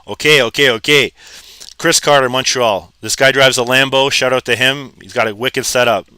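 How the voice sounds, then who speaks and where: Man from Canada, bright and forceful voice, dry close sound, excited casual live-stream host. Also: mid-range voice, normal speed, clean tone, dry recording. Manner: excited, calls viewers bro and man.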